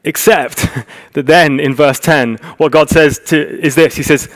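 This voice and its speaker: A man's voice: on the high side, steady tone, a little slow. A man preaching a sermon, telling the story vividly and acting out the characters' lines.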